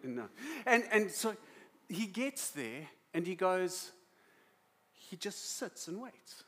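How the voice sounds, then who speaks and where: Male South African pastor, emotional storyteller, slightly high voice. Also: sing-song, takes it slowly, bright, forceful tone. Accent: South African English. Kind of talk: sermon.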